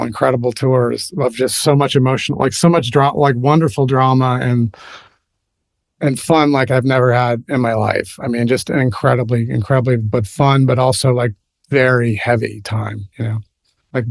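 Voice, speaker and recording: A man's voice: medium pitch, creaky, no echo. A middle-aged man telling stories in a casual chat as a podcast guest, rambling and restarting often, livening up as he recalls things.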